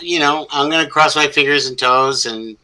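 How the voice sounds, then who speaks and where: A man appearing as a guest on a talk show, speaking in a measured, hesitant way with many fillers. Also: a little high, bright, forceful tone, rough recording. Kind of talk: casual interview chat. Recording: faint background noise.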